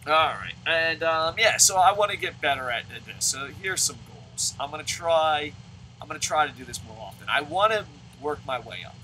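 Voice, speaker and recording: A man in his thirties commentating his own video game play at home, excitable and swearing, shouting at the game between rambling talk about his goals. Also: on the high side, moderate pace, slight background noise, low-quality recording. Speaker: gaming video host.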